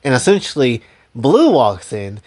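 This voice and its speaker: A man's voice: mid-range voice, huge pitch swings, measured pace, darkish tone. A man casually recapping and commenting on his own story, rambling with lots of fillers. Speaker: creator recapping his own anime series.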